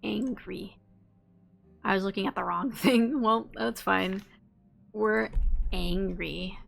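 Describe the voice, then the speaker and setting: Gravelly-voiced woman streamer thinking aloud. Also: medium pitch, slow pace, long pauses, faint music behind. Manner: chatty, thinking aloud, reads dialogue. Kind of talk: casual gameplay commentary.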